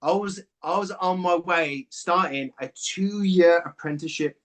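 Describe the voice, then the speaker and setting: A man's voice: high-pitched, a little slow. Emotional, candid man telling his story. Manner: emotional, swears casually, animated retelling. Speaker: SMP artist and clinic owner, guest.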